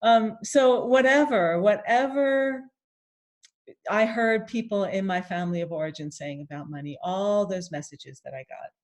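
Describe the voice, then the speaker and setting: Gently coaching a tapping session, a woman repeats first-person phrases and leaves room for sighs and slow, deep breaths.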